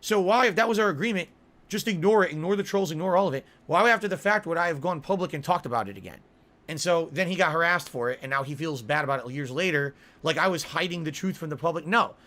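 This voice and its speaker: Man, slightly high voice, ranting and defensive, hammers points by repeating himself. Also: quick pace, a bit bright. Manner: ranting, insistent, repeats words for emphasis. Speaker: online video creator. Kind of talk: heated monologue.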